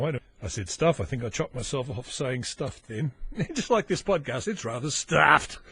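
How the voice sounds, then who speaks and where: A man, hosting his own podcast in a chatty, self-mocking, rambling way full of asides. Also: on the high side. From Australia. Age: 40s. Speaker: podcast host. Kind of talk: casual solo podcast rambling.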